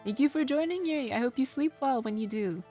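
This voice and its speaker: A woman's voice: high-pitched, animated, fast talker, mellow. A young woman streaming, chatting casually with viewers in a giggly, self-deprecating way while feeling sick. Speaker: VTuber streamer. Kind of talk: casual live-stream chat. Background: game music.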